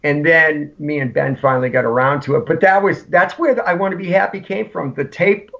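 A man, a punk musician guest, telling rambling, animated stories in casual chat. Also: a little high, a little fast, creaky. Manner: rambling, animated anecdotes with acted-out quotes. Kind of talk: casual storytelling. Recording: lo-fi podcast audio.

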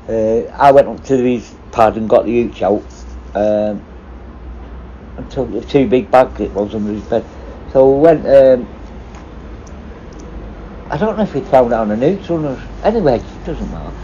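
A man's voice: mid-range voice, mellow. A man, a former prison officer, telling rambling, swear-filled stories in casual chat. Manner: swears constantly, rambling anecdotes. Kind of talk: casual storytelling. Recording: dull lo-fi with faint noise.

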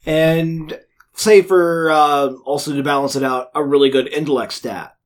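A man with a slightly higher voice than most, hosting a casual podcast chat. He keeps things playful and jokey, trading puns and explaining his ideas at length. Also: a little slow. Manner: playful, punning.

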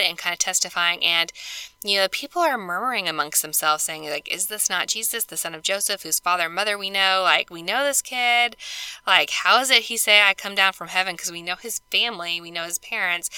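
Bright, crisp-voiced woman podcast host. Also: fairly low pitch, no echo. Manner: chatty, earnest, many "you know" and "like" fillers. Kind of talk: casual scripture study talk.

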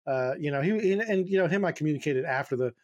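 A middle-aged man with a slightly high voice, swapping stories on a podcast. He rambles, swears freely and fills his talk with ums and restarts, in a loose, animated way. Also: fast, lo-fi sound. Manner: animated, profane, rambling with many fillers. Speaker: podcast co-host. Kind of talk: casual storytelling chat.

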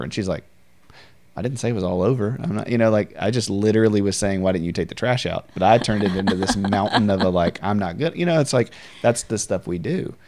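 A man with a very low, deep voice hosts a relaxed conversation about faith. He speaks earnestly and thoughtfully, sometimes picking up energy as he makes a point. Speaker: podcast host.

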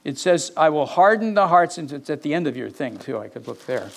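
A man preaching a sermon, reading scripture aloud with animated, mock-indignant asides. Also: on the high side, brisk, vocal fry. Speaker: pastor.

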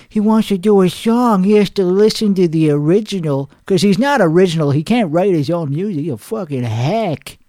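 A man playing a crude, boastful male singer, talking in a hoarse voice with a rambling, profane, cocky manner in a comedic character monologue. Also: high voice, darkish tone, no room sound, studio quality. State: hoarse from singing.

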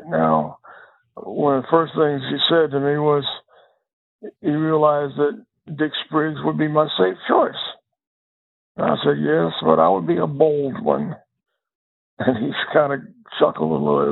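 Gravelly older man on a phone line. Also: fairly high pitch. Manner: reflective storyteller who repeats words and restarts phrases. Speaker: guest, former district attorney. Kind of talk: storytelling interview. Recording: tinny phone-line sound.

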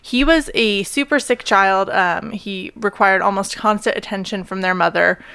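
A woman's voice: mid-range voice, normal speed, creaky, sharp tone, smooth, dry recording. A young woman co-hosting a podcast, telling a story in casual chat, full of fillers and easy laughs. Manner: chatty, many "like" and "um" fillers, laughs easily. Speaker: podcast co-host.

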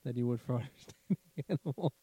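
A man's voice: medium pitch, lively intonation, quick pace, dark tone, husky, dry recording. A man in casual, profane chat who laughs a lot and slips into silly animal voices.

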